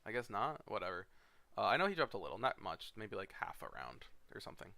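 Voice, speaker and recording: Rambling sleepy young man, bright voice. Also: lowish voice, big pitch swings, fast talker, gravelly, dry recording. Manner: rambling, filler-heavy, blunt and profane. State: sleepy, yawning. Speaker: fantasy league commissioner. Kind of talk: casual screen-share commentary.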